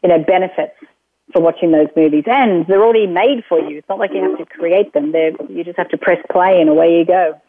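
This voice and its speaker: A woman guest discusses her self-help programs briskly in a conversational phone interview, rambling and often restarting or using fillers. Her fairly low voice comes over a tinny, dry line with slight background noise.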